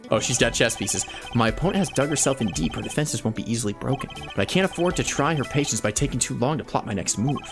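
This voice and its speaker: A man reading the part of a pompous, formal male prosecutor who talks in measured, lofty phrases. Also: mid-range voice, lively intonation, close to an everyday voice. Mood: calculating. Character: cool, pompous male prosecutor playing mind chess. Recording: game music behind the voice.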